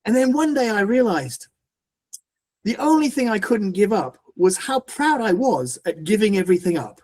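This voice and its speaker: A man's voice: high voice, very animated, normal speed, darkish tone, voice pushed up. A man quoting a laid-back former cave-dwelling surfer in a casual, matter-of-fact way while telling a story.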